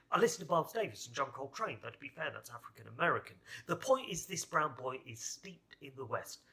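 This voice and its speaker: A man's voice: fairly high pitch, vocal fry, pushed and bright. A man from England performing a spoken word poem in a rhythmic, sardonic rhyming delivery. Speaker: poet.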